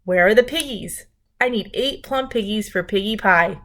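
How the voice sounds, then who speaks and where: A woman voicing a cranky, greedy storybook witch who shrieks and cackles her demands in a raised, higher voice. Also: normal speed, fairly bright tone, close to an everyday voice. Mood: demanding. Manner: shrill screeching and cackling.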